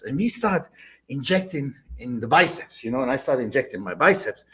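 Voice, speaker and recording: An older man with a German accent, a bodybuilder guest telling animated stories, acting out quotes with loud bursts and laughter. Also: mid-range voice, a little fast. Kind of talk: animated storytelling.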